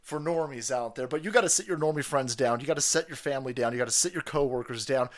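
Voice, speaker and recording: A man's voice: mid-range voice, fast. A man hosting a livestream, ranting in profane, mocking commentary over video clips. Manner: profane, mocking, loud outbursts. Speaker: streamer host.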